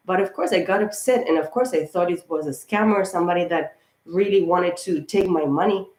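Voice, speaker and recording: A chatty woman, a tarot reader who runs a channel, gives a casual astrology reading to camera from an echoey room. Her lowish, darkish voice moves a little fast. She rambles, gets worked up, and keeps repeating "of course" and "guys."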